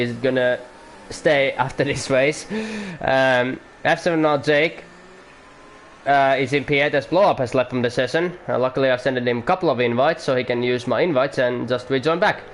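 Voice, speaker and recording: A man giving casual, rambling commentary on an online racing league, excitable and full of fillers. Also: medium pitch, slight background noise.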